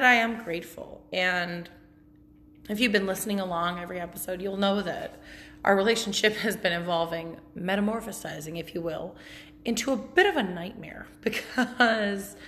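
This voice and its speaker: A woman's voice: medium pitch, normal speed, a bit bright, slight background noise. A woman hosting a podcast, telling a story in a blunt, chatty, profane way and laughing often. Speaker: podcast host. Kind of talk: casual storytelling monologue.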